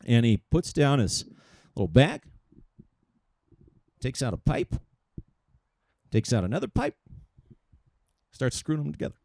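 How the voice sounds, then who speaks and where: A man's voice: medium pitch, big pitch swings, moderate pace, pauses often, dark tone, dry recording. A man doing stand-up at an outdoor park show, telling a joke in a loose, hesitant way. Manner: loose, hesitant storytelling with fillers. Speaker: stand-up comedian.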